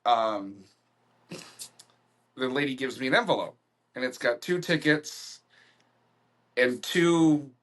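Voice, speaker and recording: A man's voice: mid-range voice, slow pace, pauses often, a bit bright. A man hosting a podcast, telling a story casually with plenty of loose fillers. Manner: loose, full of "like" and "you know" fillers. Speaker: podcast host.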